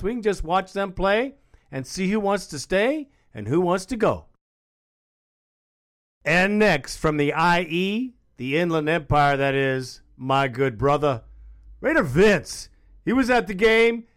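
Male call-in show host, relaxed fan-to-fan talk, slightly high pitch. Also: unhurried. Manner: laid-back, calls people bro. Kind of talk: sports call-in radio hosting.

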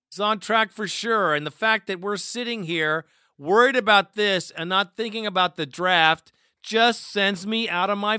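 A man's voice: high-pitched, sharp tone, smooth, no echo, clean studio sound. Heated, profane man ranting on a talk show. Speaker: sports talk show host. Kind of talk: angry fan talk show rant.

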